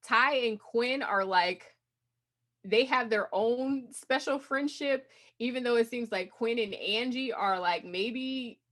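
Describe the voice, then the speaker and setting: A woman's voice: fairly high pitch, slow pace, a bit bright. A woman co-hosting a casual podcast chat, talking loosely with lots of "like" fillers. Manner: chatty, many fillers like "like". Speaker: podcast co-host.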